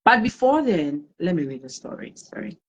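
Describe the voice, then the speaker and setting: A woman hosting a live-streamed talk show, greeting viewers by name and chatting in a warm, emotional way. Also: on the low side, very animated, normal speed, husky, muffled recording. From Ghana. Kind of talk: casual live-stream chat.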